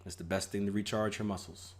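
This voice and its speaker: A young man hosts a live trading stream, chatting casually, joking, laughing at his own jokes and reading viewer comments aloud, with frequent restarts and filler ums. His voice is fairly low, level in tone, and quick.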